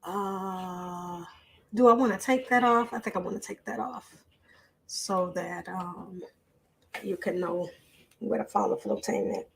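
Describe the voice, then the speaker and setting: A woman's voice: medium pitch, fairly even intonation, unhurried, gravelly, long pauses. A woman hosting a live online show, chatting casually with viewers and reading a news article aloud in a loose, off-the-cuff way.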